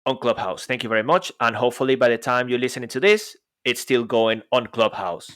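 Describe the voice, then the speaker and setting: A man co-hosting a podcast in casual chat, lively and jokey, his voice jumping up and down. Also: medium pitch, a little fast. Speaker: podcast co-host.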